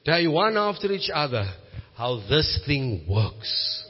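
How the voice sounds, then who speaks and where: A man with a South African accent preaching a sermon, moving from quiet storytelling to loud, emphatic declarations. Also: fairly high pitch, big pitch swings, takes it slowly. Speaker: pastor. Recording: muffled sound with long hall reverb.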